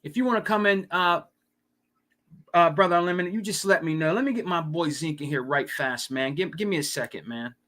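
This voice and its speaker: A man's voice: fairly high pitch, fairly quick, pushed and bright. A man hosting a casual live stream, ranting and swearing, with lots of "you know what I mean.". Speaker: podcast host.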